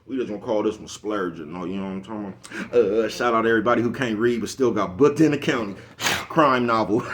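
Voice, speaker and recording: Fast-talking low-voiced man rambling. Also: slight background noise. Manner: rambling, repeats "you know what I'm talking about"; laughs at his own jokes. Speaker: vlogger. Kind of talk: casual monologue.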